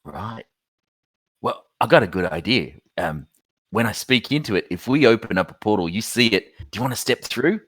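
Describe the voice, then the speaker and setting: Low, expressive male player, persuasive, close dry mic. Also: normal speed, no room sound. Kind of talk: in-character tabletop play.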